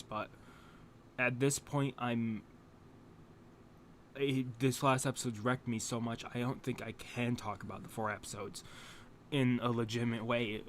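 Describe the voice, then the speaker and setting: A young man talking to camera after watching an anime episode, halting and close to tears, swearing and restarting his sentences. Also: medium pitch, slight background noise. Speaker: anime reaction channel host. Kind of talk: emotional reaction talk to camera.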